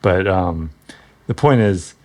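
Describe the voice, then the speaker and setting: A man's voice: sits low, slow, mellow. A man giving casual, rambling commentary on an old comic book, joking and chuckling, with frequent ums and self-corrections.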